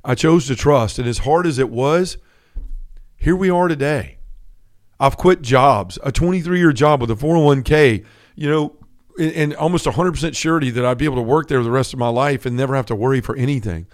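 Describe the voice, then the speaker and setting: A man's voice: mid-range voice, fairly quick. A middle-aged man hosting a faith podcast, sharing his personal testimony in an earnest, conversational way, often checking in with "right?". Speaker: podcast host.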